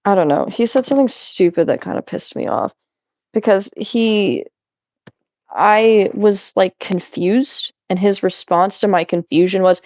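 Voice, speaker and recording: Cleaning and organizing at home, a young woman chats rambly in a casual vlog, frequently cutting herself off and laughing. She speaks at normal speed in a mid-range, darkish voice, and the audio is dull with no echo.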